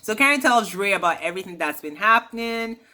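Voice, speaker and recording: Chatty woman doing a show recap, bright sharp voice, slangy and opinionated. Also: medium pitch, expressive, fairly quick. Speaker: reality TV recap host. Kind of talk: casual chat recapping a show.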